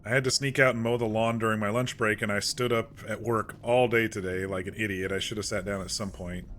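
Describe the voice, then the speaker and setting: A man's voice: fairly low pitch, steady tone, brisk, a bit bright, faint music behind. A man giving chatty, wry commentary while streaming a video game. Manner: chatty, wry, reads lines aloud. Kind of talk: casual gameplay commentary.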